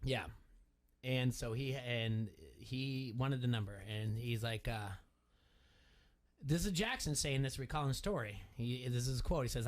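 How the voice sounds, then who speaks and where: A man's voice: medium pitch, lively intonation, moderate pace. Rambling male sports radio host. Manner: rambling storyteller, acts out quotes. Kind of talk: casual sports talk.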